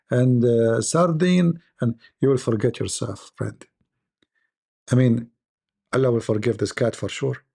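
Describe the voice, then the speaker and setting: A man reacting to a clip with mocking, rambling commentary in broken English. His voice is gravelly, husky and mellow. He keeps circling back to his own point. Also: mid-range voice. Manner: sarcastic, non-native grammar, rambling asides.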